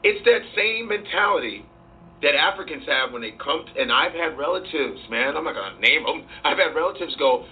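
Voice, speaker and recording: A man being interviewed as a comedian, talking in an animated, profane way and acting out voices as he goes. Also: fairly high pitch, fairly quick. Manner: profane, acts out voices and quotes. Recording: distant tinny sound with faint hiss.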